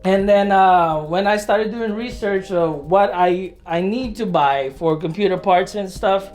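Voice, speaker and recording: An adult in their thirties talking casually to camera at home while building a computer, rambling and chatty, with self-deprecating asides, lots of filler words and the odd excited whoop. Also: medium pitch, a little slow, soft background music. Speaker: hobbyist vlogger. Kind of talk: casual vlog narration while working.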